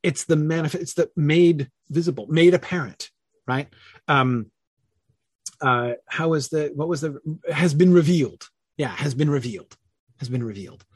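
A man's voice: fairly high pitch, moderate pace, breathy edge, no echo. A man leading a casual online Bible study, thinking aloud with many fillers and self-corrections and answering chat comments.

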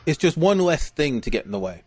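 A man's voice: on the high side, brisk, slightly rough, no echo. A man hosting a podcast, reading listener questions and prompting his guest in an easygoing way. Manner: relaxed, prompting, small restarts. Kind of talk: casual podcast chat. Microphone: video call.

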